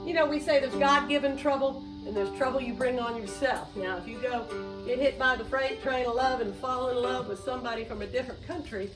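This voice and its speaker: A woman's voice: high voice, fairly quick. A woman host, chatting loosely and rambling between songs at home. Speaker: show host and singer. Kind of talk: casual chat and singing with ukulele. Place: home room with doors open to a yard. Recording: roomy, distant mic, loud music.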